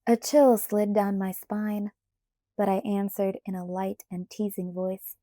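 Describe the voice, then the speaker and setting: Slow, mellow woman reading a novel. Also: mid-range voice, steady tone, no room sound, clean studio sound. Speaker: audiobook reader. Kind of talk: first-person novel narration.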